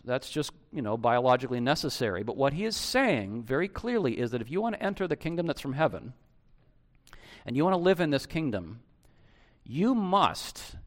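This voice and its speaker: A man preaching a sermon in a conversational, animated way, with frequent restarts and direct questions to the congregation. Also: a little high. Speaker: pastor.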